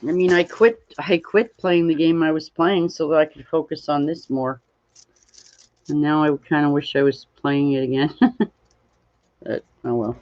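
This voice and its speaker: Casually streaming as she crafts, the host sounds tired and yawns, rambling at a slow pace while reading chat aloud and greeting viewers. Her voice sits low, a little mellow, with fairly even intonation, captured in dull lo-fi stream audio.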